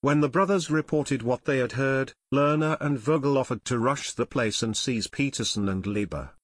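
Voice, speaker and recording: A man's voice: medium pitch, moderate pace, breathy edge, no echo. A man narrating an audiobook expressively, voicing every character.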